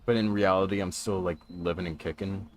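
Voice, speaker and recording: A man streaming a game and chatting casually, getting panicky and excitable and repeating himself in bursts. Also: deep voice, fairly quick, slight background noise. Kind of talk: casual gaming livestream chat.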